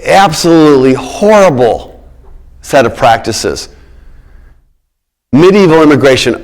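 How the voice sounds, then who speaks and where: A man's voice: medium pitch, expressive, moderate pace. A middle-aged man giving a public lecture on politics, emphatic, repeating his key words and checking in with the audience.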